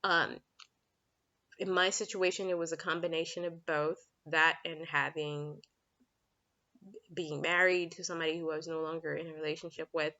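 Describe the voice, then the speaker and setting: A frank, chatty woman giving relationship advice in a home vlog. Her voice sits low and sounds bright and forceful. The recording is dull and lo-fi. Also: flat delivery, normal speed, long pauses. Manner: chatty, frank, laughs often, breaks off to talk to her kids. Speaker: relationship coach. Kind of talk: casual talking-head vlog.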